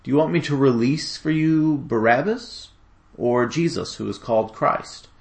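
A man's voice: mid-range voice, moderate pace, gravelly, pitched above the performer's own voice, close to an everyday voice. A man voicing a troubled, wavering Roman governor who questions and pleads with a crowd, in a dramatic scripture reading. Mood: pleading.

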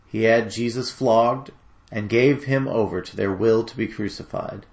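A man narrating a dramatic scripture reading in a steady, solemn storytelling manner. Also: on the low side, unhurried, gravelly.

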